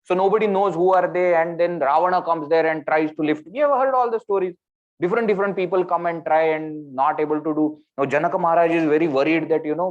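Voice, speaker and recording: Animated Indian English male spiritual teacher. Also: fast talker. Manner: animated, acting out the characters' words with sudden jumps in pitch. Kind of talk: storytelling scripture discourse. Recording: dull lo-fi recording.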